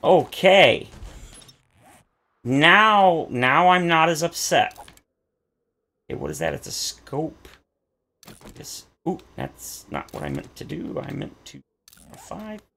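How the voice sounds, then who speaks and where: A man's voice: big pitch swings, slow, creaky, long pauses, bright, forceful tone. A man giving game commentary, complaining at length in a theatrical, exasperated way. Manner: exasperated, theatrical complaining with big pitch jumps. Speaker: gaming YouTuber.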